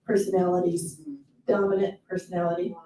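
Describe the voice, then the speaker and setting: A woman's voice: fairly low pitch, little pitch movement, brisk, mellow. A woman leading a group workshop debrief, upbeat and encouraging, laughing often with the participants. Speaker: workshop leader. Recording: echoey room from far off.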